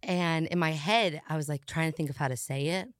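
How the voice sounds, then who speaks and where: A woman's voice: deep voice, fairly quick, dry recording, clean studio sound. A woman in her thirties, a podcast guest, telling a story in casual chat, laughing often and acting out her own lines. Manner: giggly, animated, acts out her own lines.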